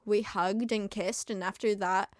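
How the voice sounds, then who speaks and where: Giggly young woman reading, slow and dry. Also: mid-range voice, steady tone, no echo. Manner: giggly, often breaking into laughter; self-deprecating asides. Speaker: reader. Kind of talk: comedic dramatic reading of fan fiction.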